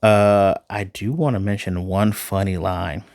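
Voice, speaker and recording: A man's voice: low-pitched, fairly even intonation, unhurried, gravelly, a little mellow, no room sound, studio quality. A man from Chicago giving an enthusiastic, casual spoken review of a TV episode, often repeating himself. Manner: enthusiastic, conversational, repeats phrases. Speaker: TV show reviewer.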